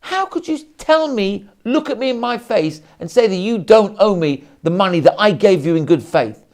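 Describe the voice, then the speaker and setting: Man playing a flustered lender, stammering pleas, pitched up. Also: lively intonation, brisk, creaky, warm tone. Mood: exasperated. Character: pleading, exasperated secular Jewish man.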